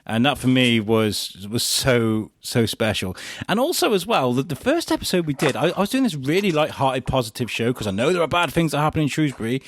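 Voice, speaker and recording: A man's voice: medium pitch, sing-song, brisk, hardly any pauses, a little hiss or hum. A man from England, a podcast host being interviewed, telling stories casually with many fillers and acted-out quotes. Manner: chatty storyteller, acts out quotes, many fillers and restarts.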